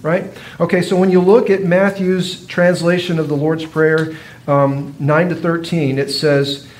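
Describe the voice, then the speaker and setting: A man with a slightly higher voice delivers a sermon. He teaches in a loose, conversational way, often turning to his listeners with rhetorical questions. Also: flat delivery, measured pace, a little hiss or hum. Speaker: pastor.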